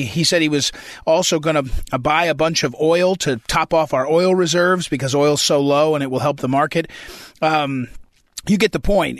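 Guy doing a talk show monologue, kinda high voice, lots of ums, dry close sound. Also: fairly bright tone, dry recording. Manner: conversational, many ums and restarts, clears throat. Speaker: commentary show host. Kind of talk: unscripted political commentary.

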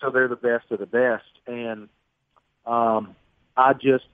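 A man's voice: medium pitch, flat delivery, slow pace, no echo. Man on a phone line. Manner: storytelling, self-deprecating, chatty. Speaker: sportscaster guest. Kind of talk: phone-in radio interview.

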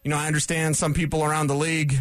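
A sports radio man holds forth in a fairly high voice, animated and sarcastic, tossing off asides as he argues. The sound is dry and close to the mic. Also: rapid-fire, dry recording. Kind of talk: opinionated sports talk monologue.

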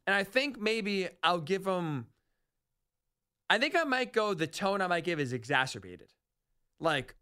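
A man hosting a sports talk radio show, rambling and animated, often correcting himself mid-sentence. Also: sits high, a little slow, pauses often, clear, resonant tone.

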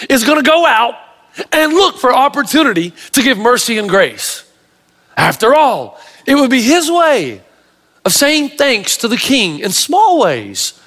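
A man preaching in a large church hall, his fairly high, bright voice carrying a long reverberant tail. He tells the story in an animated, emphatic way with casual humor. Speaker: pastor. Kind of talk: sermon.

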